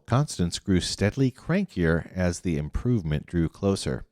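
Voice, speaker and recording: A man reads a novel aloud in a deep, lively voice, sometimes stopping to restart a phrase. The voice itself sounds dry and close, but a long reverb trails after it. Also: moderate pace, few pauses. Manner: restarts and corrects himself mid-phrase. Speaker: reader.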